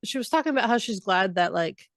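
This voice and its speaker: A woman's voice: medium pitch, expressive, quick pace, fairly bright tone, dry recording. A woman co-hosting a book podcast, talking in a chatty, rambling way with plenty of asides. She hesitates often as she recaps the story. The recording is dry and close. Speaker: podcast co-host. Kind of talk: casual book recap chat.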